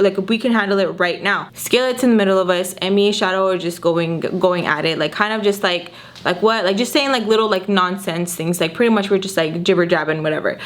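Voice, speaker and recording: A young woman telling a story for her vlog in a casual, animated way, with lots of filler "like"s, talking into a camera mic. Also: mid-range voice. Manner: animated retelling, full of filler "like"s.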